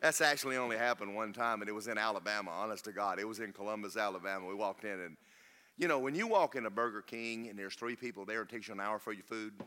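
A man's voice: on the low side, quick pace, pushed and bright. A man preaching a sermon as pastor, folksy and joking, then rising to emphatic preaching.

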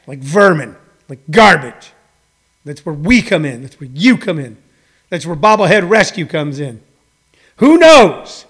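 A man's voice: sits high, a bit bright. A middle-aged man hosting a show, delivering a rambling, mock-indignant comedy rant with self-mocking asides. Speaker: show host.

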